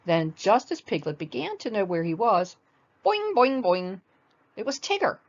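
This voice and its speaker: An older woman reading a children's storybook aloud in a gentle, expressive manner. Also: mid-range voice, moderate pace, husky, dull audio.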